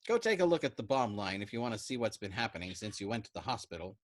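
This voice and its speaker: A man's voice: lowish voice, very animated, quick pace. A man voicing a whiny, self-pitying army doctor who wails mournfully. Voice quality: wailing, mournful.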